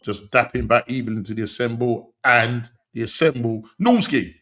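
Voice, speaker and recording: A man hosting a football podcast, talking in animated, slang-heavy banter and laughing often. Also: medium pitch, moderate pace. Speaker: podcast host.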